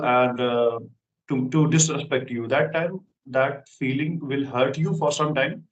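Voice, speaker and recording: A man's voice: a little high, rough recording. A man in a casual English practice conversation, answering earnestly with repeated words and fillers. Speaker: conversation partner answering questions.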